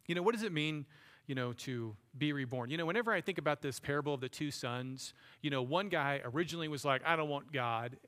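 A man gives a sermon to his congregation in a fairly high voice. He preaches in a conversational way and keeps asking rhetorical questions. His voice carries a long reverb from the church hall. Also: fast talker, fairly bright tone. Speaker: pastor. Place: church sanctuary.

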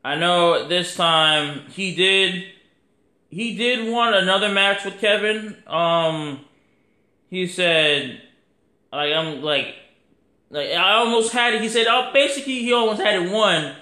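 Dude rambling in slang with lots of fillers, kinda high voice, roomy echo. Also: male voice, measured pace, pushed and bright. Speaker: podcast host. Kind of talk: casual wrestling review.

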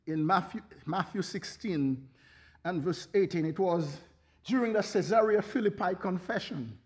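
A man's voice: high voice, moderate pace, a little mellow. A man preaching a sermon as pastor, fervent, with frequent hallelujahs and bursts of laughter.

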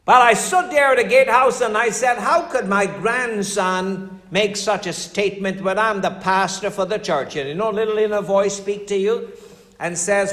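An older man preaching as a pastor, telling stories in a conversational way and dropping his voice for emphasis. His voice sits fairly high for a man. The sound rings with long reverb, as if in a large hall. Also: moderate pace, fairly bright tone. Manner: storytelling, conversational preaching with dramatic drops in voice. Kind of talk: sermon.

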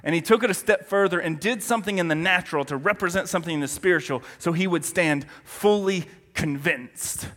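A man preaching a sermon with a very high voice. His tone is bright and forceful, and he drives his points home with emphatic rhetorical questions to the congregation. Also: brisk, hardly any pauses, in a large hall.

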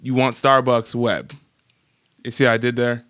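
A man's voice: mid-range voice, normal speed, clear, resonant tone. A man with a New Jersey accent hosting a podcast, chatting casually and playfully with his co-host, often laughing. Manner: animated, laughing, playful banter.

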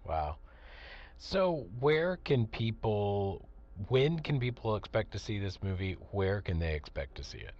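A man's voice: lowish voice, big pitch swings, a little slow, darkish tone. A man interviewing, giving brief reactions and questions. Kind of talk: casual interview talk. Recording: dull lo-fi line.

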